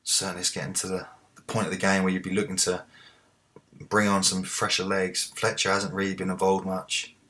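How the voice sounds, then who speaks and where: A man commentating live on a football management game, muttering to himself and then shouting at the players. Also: deep voice, brisk. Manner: talks to the players, swings from muttering to excited shouts. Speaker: let's play host.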